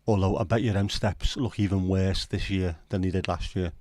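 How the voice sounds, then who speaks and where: Man, middle-aged, livestream host, casual rambling banter, swearing, low-pitched, dry close sound. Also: steady tone, normal speed, darkish tone, no room sound. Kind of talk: casual late-night livestream chat.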